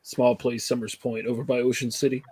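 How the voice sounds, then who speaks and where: A man from New Jersey in a casual group chat, speaking in a hesitant, halting, good-natured way. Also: medium pitch, level tone, darkish tone, breathy edge, dry recording.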